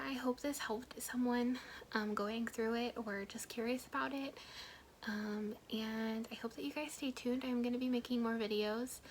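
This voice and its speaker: A young woman, a mom vlogger, telling her own story to camera in a soft, half-whispered, candid way, with many ums and likes. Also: a little high, a little hiss or hum, poor audio.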